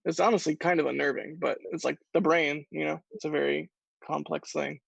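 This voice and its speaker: A man co-hosts a late-night livestream in casual, musing tones and drifts easily into personal stories. His voice is gravelly and sits a little high. It comes through a dull, lo-fi remote line with a completely dry sound. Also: steady tone, a little fast, a bit bright, dry recording. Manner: musing, storytelling, trailing off. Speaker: livestream co-host.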